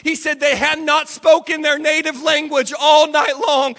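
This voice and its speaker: A man's voice: very high voice, flat delivery, measured pace, few pauses, sharp tone, long reverb tail. A man preaching a sermon, telling a story dramatically. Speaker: pastor. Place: church sanctuary.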